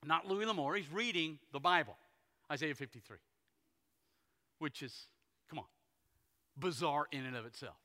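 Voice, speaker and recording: A pastor preaching a sermon, telling stories folksily and acting out the characters. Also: male voice, a little high, moderate pace, pauses often, sharp tone. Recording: long hall reverb.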